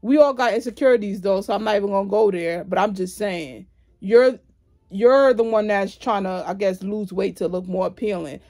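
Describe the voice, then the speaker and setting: A woman's voice: medium pitch, moderate pace, darkish tone. Sassy indignant woman ranting. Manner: sassy, indignant, talks straight to the listener. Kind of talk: casual storytime rant.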